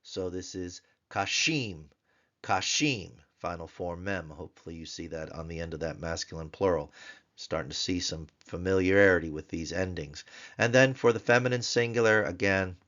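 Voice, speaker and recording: A man teaching a grammar lesson, sounding out words slowly and repeating them for drill. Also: sits low, fairly bright tone, highs cut off. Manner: slow, drawn-out repetition of words for drilling. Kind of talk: recorded tutorial lesson.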